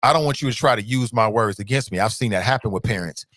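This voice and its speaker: A man's voice: mid-range voice, fast talker, a bit bright, no room sound. A man hosting a call-in talk show, blunt and emphatic, repeating his points. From United States.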